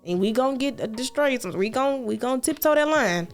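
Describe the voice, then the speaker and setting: A woman talking earnestly on a podcast, repeating phrases and reassuring the listener, with animated storytelling. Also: high-pitched, brisk, soft background music. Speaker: podcast co-host. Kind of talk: casual heartfelt podcast chat.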